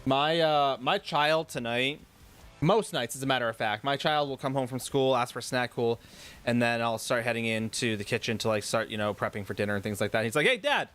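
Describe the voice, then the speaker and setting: A man co-hosting a live stream, telling everyday stories in a playful, animated way. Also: medium pitch, fairly quick, smooth, soft background music. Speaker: stream co-host. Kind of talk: casual live-stream chat.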